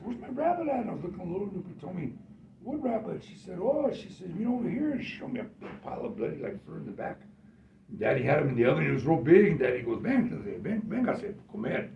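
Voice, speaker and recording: A man telling family stories in an animated way, laughing and acting out what others said. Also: mid-range voice, vocal fry. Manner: animated, laughing, acts out quotes. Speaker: storyteller. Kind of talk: family storytelling. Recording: far, echoey, muffled and noisy.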